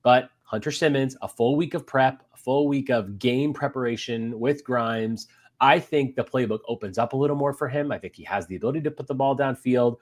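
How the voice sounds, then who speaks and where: A man co-hosting a sports podcast from a hotel room, talking in an emotional, excitable way with lots of fillers. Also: medium pitch, a little fast. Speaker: podcast co-host.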